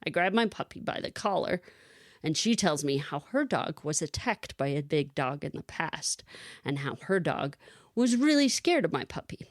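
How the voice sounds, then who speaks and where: Animated woman telling a story, laughing. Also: low voice, normal speed, no room sound, studio quality. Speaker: podcast co-host. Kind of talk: casual storytelling chat.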